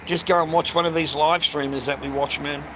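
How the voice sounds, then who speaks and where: A slightly high voice with little pitch movement, a little fast, belongs to an Australian man live-streaming outdoors. Traffic noise fills the background as he rambles, swears freely and says "mate" to everyone.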